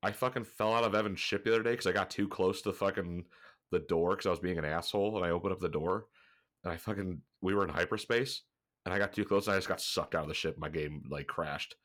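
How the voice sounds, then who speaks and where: A man's voice: deep voice, quick pace, fairly bright tone. A man co-hosting a gaming podcast, chatting casually and a little congested, rambling and swearing as he talks. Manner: rambling, swears freely, laughs often. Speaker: podcast co-host.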